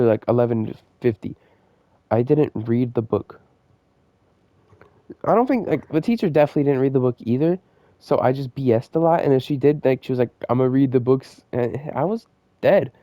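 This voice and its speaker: Young male storyteller, loose and rambling, lots of slang, mid-pitched, on a dull dry lo-fi recording. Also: clear, resonant tone, no room sound. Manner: rambling, slangy, full of fillers and digressions. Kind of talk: casual storytelling monologue.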